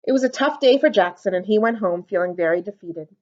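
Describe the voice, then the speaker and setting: Woman, storytime reader, expressive, lively pitch, lo-fi recording. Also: quick pace. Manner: expressive, animated. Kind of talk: reading a storybook aloud. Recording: dull lo-fi recording.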